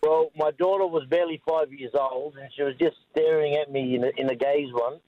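A man's voice: a little high, fairly even intonation, fairly quick. A man calling in to radio, heartfelt and moved as he tells a story about his daughter. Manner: emotional, heartfelt. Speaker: caller. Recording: tinny phone line.

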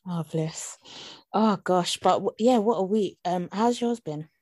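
Tired woman, dark mellow voice. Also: medium pitch, unhurried, no room sound, studio quality. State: tired, yawning. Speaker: podcast co-host. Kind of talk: casual chat.

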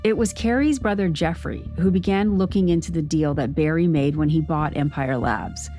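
A woman hosting a podcast, delivering measured, scripted documentary narration. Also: deep voice, soft background music. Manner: measured, even storytelling.

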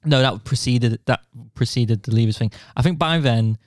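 A man's voice: mid-range voice, normal speed, no echo, studio quality. A young man in his twenties co-hosting a podcast, telling self-deprecating stories with frequent laughs. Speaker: podcast co-host. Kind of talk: casual chat.

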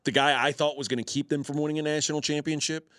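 A man's voice: fairly high pitch, little pitch movement, fast talker, fairly bright tone, dry recording, clean studio sound. Opinionated man on a sports talk show. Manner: opinionated, emphatic. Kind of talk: casual sports betting talk.

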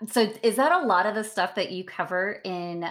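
A woman interviewer in casual conversation with her guest. She speaks in a relaxed, measured way and laughs easily along with her guest. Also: mid-range voice. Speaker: interviewer, host.

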